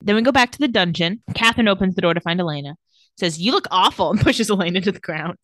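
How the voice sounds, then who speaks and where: A woman's voice: mid-range voice, lively intonation, quick pace, fairly bright tone, dry recording, clean studio sound. A woman in casual chat, recapping TV scenes and acting out the characters' lines. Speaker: podcast co-host recapping a TV episode.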